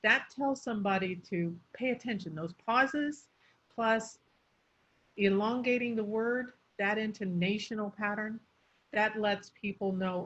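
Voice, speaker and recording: Middle-aged woman, pronunciation coach, measured teacherly delivery, mid-pitched voice, lo-fi audio. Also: fairly bright tone. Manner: clear, teacherly, pauses before key words. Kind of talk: explaining pronunciation in a guest interview. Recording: slightly dull, lo-fi sound.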